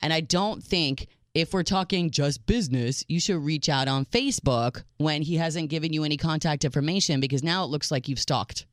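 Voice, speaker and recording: A woman's voice: low-pitched, normal speed, hardly any pauses, dry recording, studio quality. A woman co-hosting a radio talk show, talkative and emphatic as she gives her opinions. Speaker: radio co-host.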